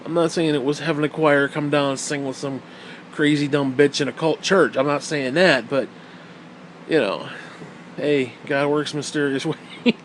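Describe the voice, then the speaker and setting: A young man rants through a story in a casual, rambling way, swearing freely and mocking with a laugh. His voice sits a touch high for a man. A faint hum runs behind him. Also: fairly even intonation, moderate pace.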